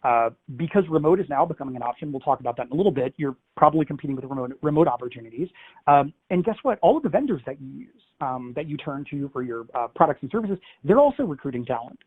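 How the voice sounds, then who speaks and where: Guy giving a webinar talk, kinda high voice, lots of ums and you knows, sounds like a phone line. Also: animated, quick pace, slightly rough. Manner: conversational, many fillers, emphatic asides. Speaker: industry analyst presenting a webinar. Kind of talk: webinar presentation.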